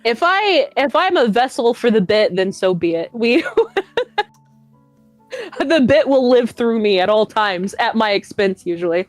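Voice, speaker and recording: A woman talks fast and loose on a stream, piling up false starts and cheerful swearing as she tells a story at her own expense. Her voice sits a little high. It is recorded dry and close to the mic, with faint music underneath. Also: big pitch swings, dry recording. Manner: rambling storytelling, frequent swearing and self-mocking laughs. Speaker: guest streamer. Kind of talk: casual chat.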